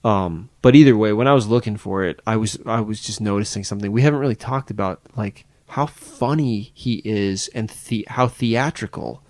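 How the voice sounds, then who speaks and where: Man, podcast co-host, lowish voice, rambling and self-correcting, dry close mic. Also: moderate pace, hardly any pauses, darkish tone, no echo. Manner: rambling, searching for words with many restarts. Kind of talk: casual chat.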